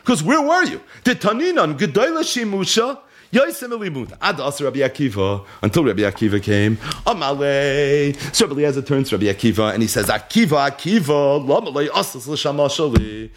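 A man teaching a Talmud lecture. He reads Aramaic text aloud, then translates it and tells the story with animated energy. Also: medium pitch, brisk, slight background noise. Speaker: Torah teacher.

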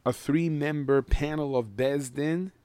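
A man teaching a Mishnah lesson in Yeshivish English with Ashkenazi Hebrew, explaining each line and chanting the Hebrew text slowly. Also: a little high, fairly even intonation, warm tone, dry recording. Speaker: Torah teacher.

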